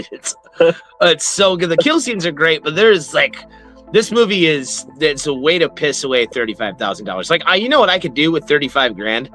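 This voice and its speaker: A man co-hosting a horror movie review show in casual chat, excitable, laughing often and swearing freely. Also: fairly high pitch, moderate pace, soft background music.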